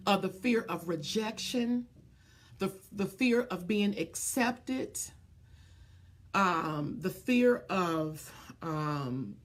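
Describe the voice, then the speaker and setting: A woman's voice: medium pitch, slow pace, a little hiss or hum. A woman business coach in a live stream, speaking earnestly from the heart to viewers, often stopping to greet them by name, with many ums and restarts.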